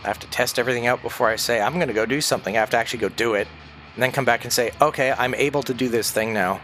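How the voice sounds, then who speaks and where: Guy rambling thru a sketchy story while streaming a game, swears a lot, mid pitch, little bit of music in the back. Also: very fast, a bit bright. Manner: rambling, conspiratorial storyteller who swears freely. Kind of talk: casual livestream storytelling while gaming.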